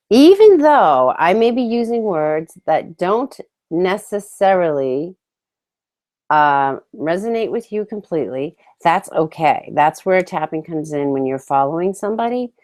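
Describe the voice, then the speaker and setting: A woman teaching emotional tapping, leading slow, calm phrases for listeners to repeat after her. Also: fairly low pitch. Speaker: tapping instructor. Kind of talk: guided tapping lesson.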